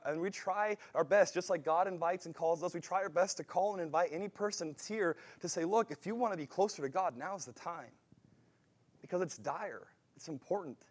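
A man preaching a sermon in a conversational way, thinking aloud with frequent restarts and swinging from quiet asides to emphatic rises. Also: high-pitched.

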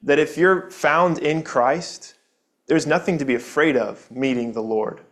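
A man's voice: on the high side, unhurried. Earnest man preaching in church. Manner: earnest, conversational preaching with rhetorical questions. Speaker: pastor. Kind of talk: sermon. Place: church building.

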